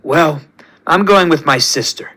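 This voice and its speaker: A man voicing a grim, vengeful alien woman warrior, talking flatly and resolutely. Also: a little high, unhurried.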